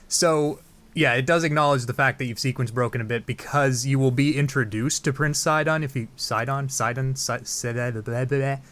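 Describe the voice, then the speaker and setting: A man's voice: medium pitch, fairly bright tone. Crude, joking let's play guy. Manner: crude, joking, rambling with fillers. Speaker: game let's play host. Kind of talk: casual gameplay commentary.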